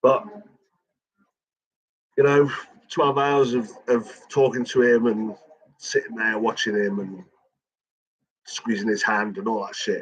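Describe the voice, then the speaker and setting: A middle-aged man, chatting casually, swearing constantly and talking in a raw, halting way. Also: lowish voice, flat delivery, breathy edge, rough recording. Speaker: channel host. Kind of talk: casual chat.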